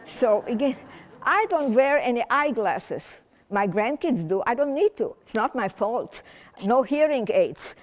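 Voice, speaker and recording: A woman's voice: fairly high pitch, lively intonation, unhurried, in a large hall. An older woman from Transylvania giving a chatty, whimsical public talk to a community audience, rambling with restarts. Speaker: guest speaker. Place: large community hall.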